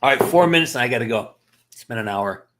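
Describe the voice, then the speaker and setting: A middle-aged man hosts a casual livestream and rants to his viewers. He is blunt and emphatic and swears freely. His voice sits at an ordinary middle pitch. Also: expressive, fast, a bit bright. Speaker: livestream host. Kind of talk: casual rant to live chat.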